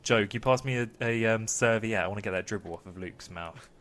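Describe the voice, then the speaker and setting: A man's voice: fairly low pitch, quick pace, fairly bright tone. Young man reading a comic bedtime story. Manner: mock-soothing, playful storyteller voice. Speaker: podcast host reading aloud.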